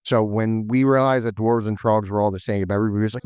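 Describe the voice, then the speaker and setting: A man with a lowish, smooth voice, chatting casually as a podcast host. He rambles loosely, stacking up "like" and "um" as he goes. The sound is close and dry. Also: fairly even intonation, brisk, few pauses, darkish tone, no room sound. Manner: rambling, full of "like" and "um". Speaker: podcast host explaining game lore. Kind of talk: casual chat.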